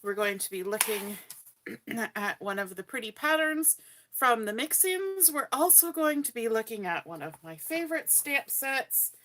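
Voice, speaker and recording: A woman from Canada chats her way through a live card-making tutorial, her voice bright and a touch high. She talks casually to viewers as she folds and cuts at home. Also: big pitch swings, unhurried. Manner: chatty, friendly, greets viewers by name. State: hiccups. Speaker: crafting livestream host.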